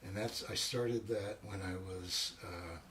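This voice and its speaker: A man's voice: on the low side, fairly even intonation, measured pace, a bit bright, recorded from a distance, slight background noise. A man from Canada, a former radio announcer, co-hosting a casual live video chat with dry, joking quips.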